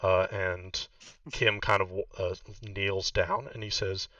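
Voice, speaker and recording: A man's voice: low voice, slow, no echo, distant mic, lo-fi sound. A man narrating a tabletop game as game master, hesitant and full of fillers. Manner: hesitant, many fillers, relaxed.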